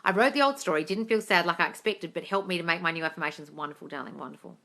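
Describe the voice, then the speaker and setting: A woman's voice: on the low side, racing, pushed and bright. A woman doing a casual live Q&A, reading viewer questions aloud and answering them in a breezy, blunt way, calling people darling and swearing offhandedly. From Australia. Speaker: manifestation coach on a live stream.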